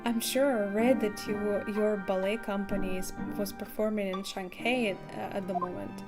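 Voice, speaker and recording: A woman reading aloud the lines of a polite, sharp-witted young man, measured, with game music behind. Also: medium pitch, fairly even intonation, lightly acted. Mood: probing.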